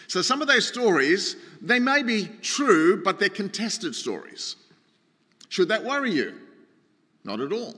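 A man preaching in a church hall, his fairly high voice bright and forceful. He talks to his listeners conversationally and keeps asking them rhetorical questions. His words ring out with a long reverb through the hall. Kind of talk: sermon.

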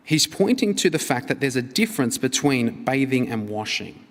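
A man preaching a sermon as a pastor, in an earnest, expressive manner that swings between emphatic and hushed. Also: medium pitch, normal speed. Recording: reverberant hall.

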